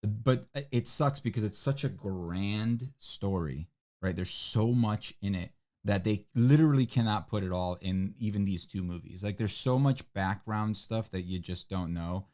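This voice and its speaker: A young man co-hosting a livestream, chatting casually with lots of fillers and restarts. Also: measured pace. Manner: rambling, many fillers and restarts, voice jumps high when excited. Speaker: livestream co-host. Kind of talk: casual chat. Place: home livestream room.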